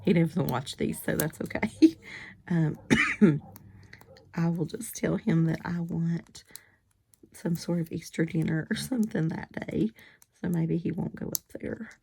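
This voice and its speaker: A woman chatting casually in a crafting vlog while she makes cards, still getting over a cold. She rambles and often drops into soft, half-whispered asides. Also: on the low side, a little slow, gravelly, pauses often, slightly rough, no room sound. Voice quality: whiny-sounding. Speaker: crafting vlogger making cards.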